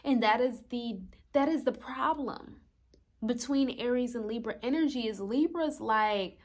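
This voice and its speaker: A woman's voice: on the high side, unhurried. A young woman astrologer talking casually in a vlog, rambling through rhetorical questions and swearing now and then.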